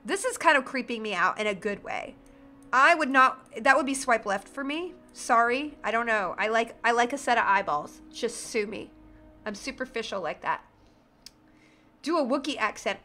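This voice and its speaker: A woman's voice: on the high side, animated, moderate pace, bright, forceful tone, soft background music. A woman streaming herself making a game character, chatting casually and joking with her viewers in a bubbly, irreverent way. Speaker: streamer playing a role-playing game. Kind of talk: casual livestream commentary, reading chat.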